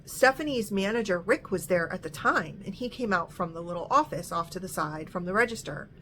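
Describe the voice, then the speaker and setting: A woman's voice: fairly low pitch, expressive, brisk, sharp tone, a little hiss or hum. A woman telling a true story in a casual narrating voice, now and then briefly voicing the people in it. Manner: retells dialogue with light voicing of characters.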